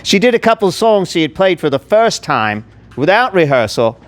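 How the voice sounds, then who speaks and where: A male radio host who talks in a teasing, mock-pompous way. His voice sits a little high for a man and swings widely in pitch as he jokes around with his guests. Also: sing-song, normal speed. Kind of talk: casual interview chat.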